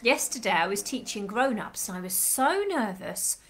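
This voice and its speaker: A woman with a slightly croaky throat leading a children's class on a live stream, chatting warmly to the watching children with sing-song greetings. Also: medium pitch, lively intonation, normal speed, slight background noise. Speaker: children's club leader. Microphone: live stream webcam.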